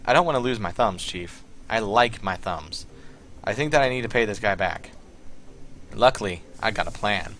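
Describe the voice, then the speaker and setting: A man voicing a nervous, indebted male hacker with a put-on Southern accent, talking in halting, filler-heavy bursts. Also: on the low side, lively intonation, fairly bright tone, slight background noise.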